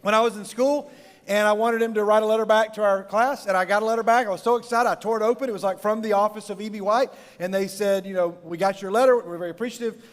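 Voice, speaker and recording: Middle-aged youth pastor, high voice, laughs through rambling funny stories, boomy hall. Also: male voice, steady tone, fast talker. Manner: jokey, rambling storyteller who laughs often. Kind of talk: humorous talk to a live youth audience. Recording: long reverb of a large hall.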